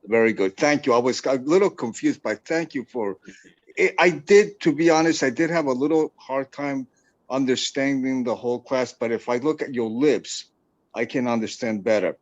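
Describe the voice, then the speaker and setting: A man's voice: mid-range voice, moderate pace, muffled recording. Hesitant, stammering man on a call. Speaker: attendee asking a question. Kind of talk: casual question in an online class.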